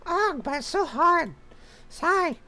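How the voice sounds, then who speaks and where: A man voicing a rude, whiny young princess in a strained falsetto voice. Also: lively intonation, takes it slowly, pushed and bright, exaggerated voice.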